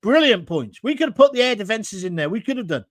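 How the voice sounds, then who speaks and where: A man's voice: high-pitched, big pitch swings, fast talker, no echo, clean studio sound. A middle-aged British man hosts a live opinion talk show and reads out viewer comments in a combative, ranting manner. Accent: British English. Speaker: host.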